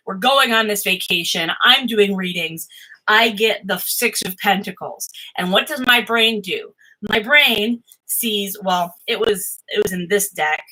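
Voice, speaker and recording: A middle-aged woman talks casually from her desk at home, her voice bright and forward. She rambles, restarts sentences, and plays up her own worries. Her pitch sits in an ordinary middle range for a woman. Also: rough recording. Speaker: tarot vlogger. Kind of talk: casual chat to camera.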